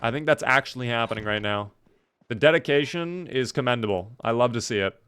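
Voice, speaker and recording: Guy streaming a game live, joking around and chatting with chat, mid pitch. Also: animated, fairly quick, a bit bright, smooth. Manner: playful, chatty, talks to chat and thanks viewers. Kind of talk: live gameplay commentary.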